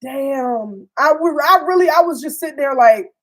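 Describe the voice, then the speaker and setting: A young woman casually recapping a TV series, animated and slangy, swearing freely and acting out the characters' lines. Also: high voice, fairly quick, rough recording. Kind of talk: casual storytime chat.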